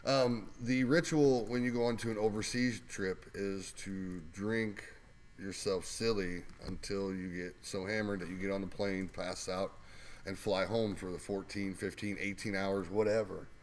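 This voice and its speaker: A man's voice: sits low, steady tone, measured pace. A man casually telling rambling, laughing anecdotes as a guest co-host, with lots of fillers. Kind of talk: casual storytelling.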